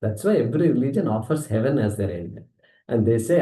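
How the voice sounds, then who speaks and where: A man with an Indian accent teaching a scripture class, talking in a lively, conversational way and acting out the objections he answers. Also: mid-range voice, a little fast, reverberant, poor audio. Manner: animated, conversational, acts out objections.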